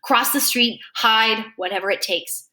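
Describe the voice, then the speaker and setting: A woman reading a novel aloud, telling a first-person story in a lively, expressive way. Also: a little high, measured pace. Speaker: reader.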